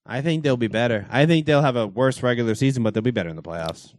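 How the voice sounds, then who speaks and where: A man co-hosting a sports podcast in casual chat, animated and profane, slipping into joking impressions. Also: medium pitch, fast talker, dry recording, studio quality. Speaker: podcast co-host.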